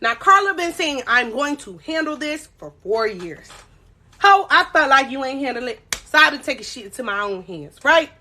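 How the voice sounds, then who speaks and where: Young woman on a live storytime, high bright voice, swears a lot, talks right at her viewers. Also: moderate pace, a little hiss or hum. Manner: animated, profane, addresses viewers directly. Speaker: livestream host. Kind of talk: livestream storytime.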